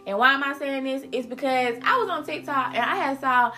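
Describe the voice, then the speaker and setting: Casual, emphatic South Carolina Geechee woman host, higher and bright, faint music under. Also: fairly quick. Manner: chatty, repeats words, slangy and emphatic. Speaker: podcast host. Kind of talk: casual solo podcast monologue.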